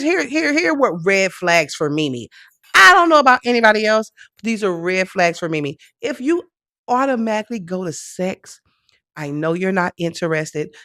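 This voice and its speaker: A woman hosting a casual chat show, talking in an animated, joking, chatty way. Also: on the high side, no echo, clean studio sound. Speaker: host.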